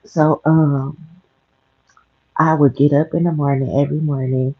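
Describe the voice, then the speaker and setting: Casting note: low, husky-voiced woman, just awake, chatty and rambling, speaking softly on a lo-fi home stream. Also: flat delivery, a little slow, dry recording. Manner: rambling, chatty, keeping her voice down. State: just woke up. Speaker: livestreamer. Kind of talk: casual storytelling livestream. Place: home in the early morning. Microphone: headphones with mic.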